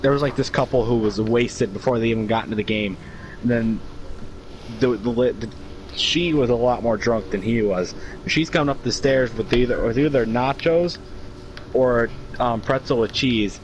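A man's voice: mid-range voice, normal speed, a little hiss or hum, poor audio. A young man, co-hosting a casual podcast, rambling through his own stories with many fillers. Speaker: podcast co-host. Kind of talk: casual storytelling chat.

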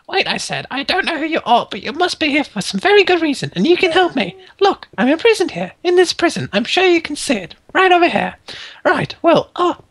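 A man's voice: fairly bright tone, dry recording, exaggerated voice. A man voicing a confused, imprisoned woman drifts as he reads game text. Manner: falsetto that drifts in accent. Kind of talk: reading game dialogue aloud.

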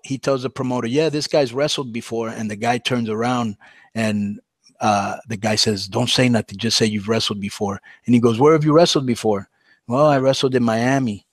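A man spinning a long story on a podcast in an easy, animated way, dropping into the voices of the people he quotes. His voice sits at a middle pitch. The sound is close and dry, with no room around it. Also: normal speed, no room sound. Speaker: podcast guest. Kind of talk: casual storytelling.

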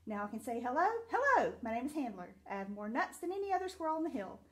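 A woman voicing a fast-talking, self-pleased male squirrel in a storybook, with rapid chirpy chatter. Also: fairly high pitch, big pitch swings, fairly bright tone.

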